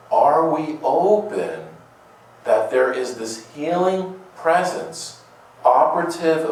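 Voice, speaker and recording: Slow, echoey male homilist. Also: mid-range voice, darkish tone, slight background noise. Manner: rhetorical questions, playful asides, repeats words. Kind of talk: conversational sermon. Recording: very echoey room, distant mic.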